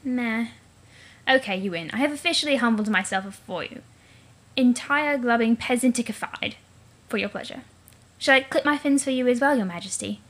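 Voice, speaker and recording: A woman's voice: on the high side, normal speed, a bit bright. A woman voicing a tired, irritable teenage girl who talks bluntly. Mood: cranky.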